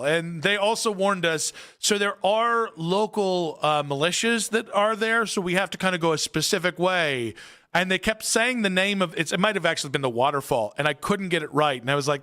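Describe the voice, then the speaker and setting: A man hosting sports talk radio in a studio, his voice bright and a touch high. He teases his co-host and tells stories in an animated, playful way. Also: moderate pace. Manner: playful teasing, animated storytelling. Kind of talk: casual radio banter.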